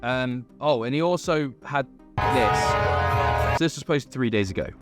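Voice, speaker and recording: A man's voice: medium pitch, expressive, unhurried, loud music behind the voice. Chatty man hosting a commentary vlog. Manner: chatty and skeptical, many fillers. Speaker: host. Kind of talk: casual commentary on online videos.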